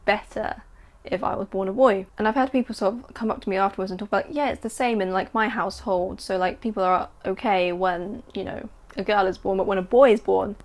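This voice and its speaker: A woman, chatting excitedly about her writing and reading aloud from her story. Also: medium pitch, fairly quick. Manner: excitable, chatty, filler-heavy. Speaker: writer and vlogger. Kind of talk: casual chat and story reading.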